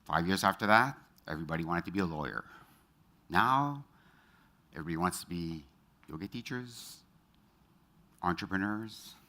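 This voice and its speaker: A middle-aged man speaks from a stage to a live audience, his low voice carrying a bright, forceful edge. He tells personal stories and throws quick questions out to the crowd. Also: lively intonation. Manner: engages the audience with quick show-of-hands questions; storytelling, personal anecdotes. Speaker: speaker at a motivational talk. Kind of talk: motivational stage talk.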